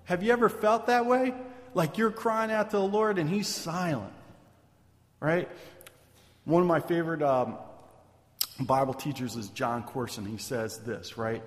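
A man preaching a sermon in a casual, conversational way, often checking in with "right?" and "man". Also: medium pitch. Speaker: pastor. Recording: long hall reverb.

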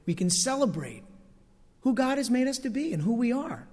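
A man's voice: very high-pitched, big pitch swings, normal speed, a little mellow. A man preaching a sermon as pastor from the pulpit of a church sanctuary, emphatic, stretching key phrases and asking the congregation for amens. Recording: long hall reverb.

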